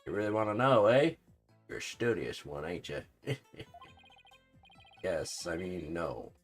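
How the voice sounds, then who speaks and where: A man voicing a theatrical, sly male pickpocket in a game, in a melodramatic, drawn-out way. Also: sits low, big pitch swings, husky, faint music behind, heavily acted.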